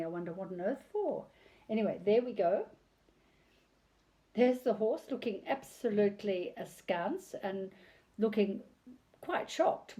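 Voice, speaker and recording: An older woman reading a picture book aloud on video, chatty and digressive, pausing to talk about the pictures. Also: mid-range voice, mellow.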